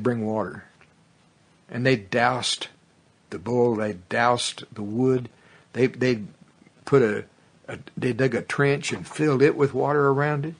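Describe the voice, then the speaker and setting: A man preaching a fervent sermon that builds to loud exclamations, then leads a prayer. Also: mid-range voice. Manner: fervent, rising to exclamations, tongues.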